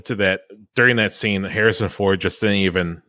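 A man hosting a podcast in casual chat, chatty and quick to laugh, often trailing off mid-sentence. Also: low-pitched, sharp tone, dry recording. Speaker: podcast host.

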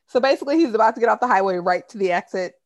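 A woman's voice: medium pitch, no room sound. Woman, young adult, podcast host, casual chat, talkative, swears, dry close sound. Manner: chatty, cuts in, swears, quick asides. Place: home.

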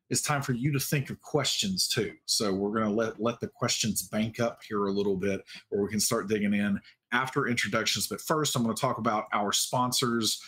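A man's voice: medium pitch, a bit bright. A man hosting a livestream cast Q&A, chatty and upbeat, with frequent fillers. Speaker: host.

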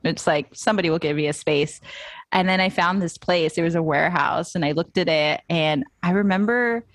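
A young woman with a somewhat low voice tells her story as an interview guest. She is animated and often acts out her own past thoughts. The sound is dry and close. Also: a little fast, dry recording. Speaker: guest, photographer. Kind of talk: casual interview chat. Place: moved to Austin.

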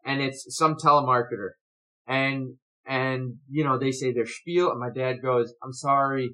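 A man telling a funny family story on a casual podcast, animated and ready to act out the people in it. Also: medium pitch, a little slow, rough recording. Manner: animated storyteller, shouts when acting out his parents. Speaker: podcast co-host.

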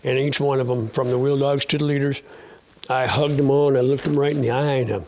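A man's voice: mid-range voice, level tone, fast, a little mellow. A man, a sled dog racer, telling a heartfelt story in an interview in a folksy, plain-spoken way, with many fillers and restarts. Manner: choked up and close to tears at times.

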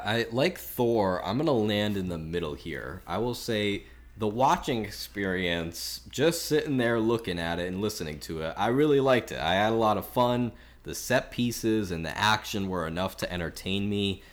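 A man co-hosting a film podcast, talking through his opinions in a chatty, measured way with lots of filler words. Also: lowish voice. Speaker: podcast co-host. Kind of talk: casual film review chat.

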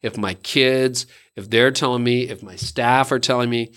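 A man's voice: mid-range voice, steady tone, moderate pace, a bit bright. A man, a pastor, talking candidly and reflectively about his own habits, acting out the lines of others as he goes. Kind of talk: conversational podcast talk.

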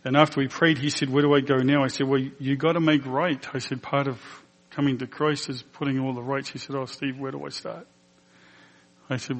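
A man who is a pastor telling a personal testimony in a sermon, emotional and earnest, acting out the dialogue as he tells it. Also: medium pitch. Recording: long hall reverb.

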